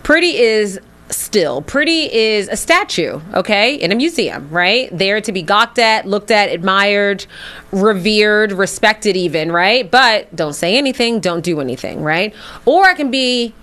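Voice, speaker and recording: Outspoken lady radio host, chatty and teasing, mid-pitched voice. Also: big pitch swings, a little slow, fairly bright tone. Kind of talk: casual talk show chat.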